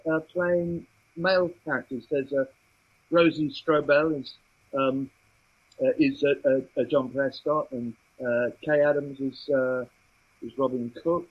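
A man speaking about the show's creative approach, halting with frequent ums. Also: mid-range voice, steady tone, slightly rough, dry recording, phone-quality sound. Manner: hesitant, many ums. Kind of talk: casual interview.

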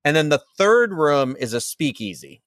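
Slightly high and swinging widely in pitch, this male podcast co-host tells a meandering, filler-heavy story in a relaxed conversation. He talks at a moderate pace with a fairly bright tone, recorded dry in studio quality.

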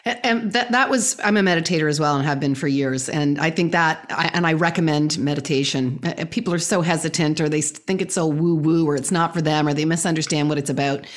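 Earnest, lower-voiced woman host. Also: a little fast, few pauses. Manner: earnest and animated, with frequent restarts. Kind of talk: casual conversation.

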